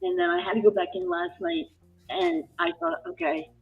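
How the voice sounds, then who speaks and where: A woman retelling a work story in casual chat, animated and emotional, with many restarts. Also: very high-pitched, normal speed, creaky. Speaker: live chat guest. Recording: tinny phone-line audio with faint music.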